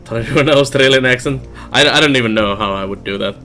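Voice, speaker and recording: A man's voice: fast talker, pushed and bright, soft background music. A Finnish man with a Finnish accent, chatting casually while streaming a game. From Finland. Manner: musing, low-key chat while playing. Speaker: let's play streamer. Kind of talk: casual gameplay commentary.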